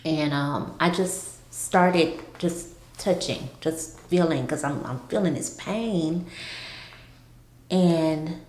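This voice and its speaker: A woman vlogger telling a personal story in a halting way, with many restarts. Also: deep voice, a little mellow, a little hiss or hum. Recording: roomy echo.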